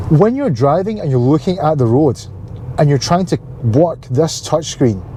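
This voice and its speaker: A Scottish man vlogs from the driver's seat, chatty and jokey, and he slides into exasperated rants. His voice is mellow and sits a little high for a man. Faint traffic and engine noise hum behind him. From Scotland. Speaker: car vlogger. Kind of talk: casual vlog to camera.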